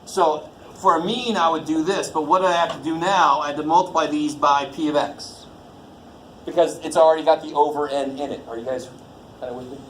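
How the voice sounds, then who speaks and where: A man's voice: a little high, steady tone, fairly quick, fairly bright tone. A man teaching a college math class in a casual, jokey way, swearing lightly and quizzing the students as he goes. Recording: echoey classroom with faint noise.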